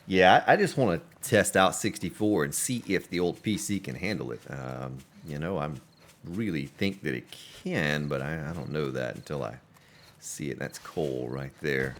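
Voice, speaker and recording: A man's voice: rumbling low, normal speed. A man commentating his own gameplay on a live stream, chatting along and greeting viewers by name. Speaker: game streamer.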